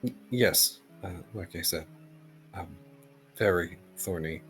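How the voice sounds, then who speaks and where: A man's voice: deep voice, slow pace, a bit bright, faint music behind, full character voice. A man voicing a shy, nervous male ember-and-smoke being who stammers and hesitates.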